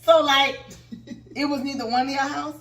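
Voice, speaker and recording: A woman co-hosting a casual podcast with a Southern US accent, telling stories in an excitable, laughing way. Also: high voice, normal speed. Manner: excitable, laughing, animated storyteller. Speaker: podcast co-host. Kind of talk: casual chat, storytelling. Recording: roomy, mic a bit far off.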